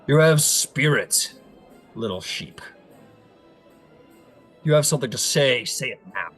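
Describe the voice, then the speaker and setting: A man voicing a haughty male frost giant lord who talks slowly and scornfully. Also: mid-range voice, lively intonation, fairly bright tone, soft background music, voice pushed up. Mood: commanding.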